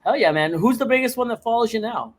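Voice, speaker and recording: A man from Canada hosting a podcast, telling profane stories in a casual chat with big jumps in pitch. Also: fast talker. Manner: profane, animated storyteller with big pitch swings. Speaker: podcast host.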